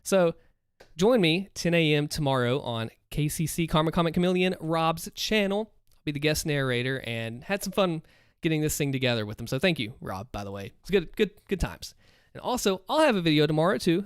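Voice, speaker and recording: A man's voice: fairly high pitch, lively intonation, brisk, smooth, dry recording, studio quality. A man in his thirties hosting a livestream, chatting casually and upbeat with his viewers. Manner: upbeat, chatty, talks to chat. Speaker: livestream host and story narrator.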